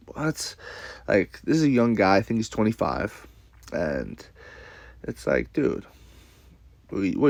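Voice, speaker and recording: A man's voice: lowish voice, a little mellow, dry recording. A man ranting casually to camera with a blunt, profane, rambling manner, repeating himself. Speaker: commentator.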